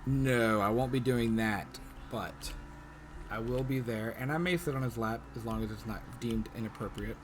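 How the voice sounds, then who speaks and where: A man's voice: mid-range voice, moderate pace, background noise. A man hosting a casual podcast chat over a video call, trading jokes and playful banter. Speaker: podcast host.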